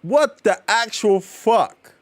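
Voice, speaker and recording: Male streamer, unhurried but exclaiming, lively pitch swings; comic reaction read. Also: dry recording. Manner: excitable, exclaiming, swearing, slangy.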